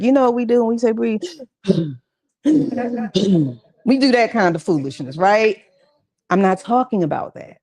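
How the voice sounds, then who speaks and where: Gravelly-voiced woman giving an encouraging talk. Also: medium pitch, expressive, moderate pace, long pauses, darkish tone. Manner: conversational, encouraging, colloquial asides. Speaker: mental health speaker. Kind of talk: church talk session. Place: church gathering with audience responses.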